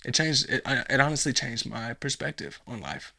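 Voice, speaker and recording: A man voicing a gruff male robber who talks in a hushed, low mutter. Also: lively intonation, a little fast, full character voice. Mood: wistful. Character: gruff male home-invading robber, soft and nostalgic.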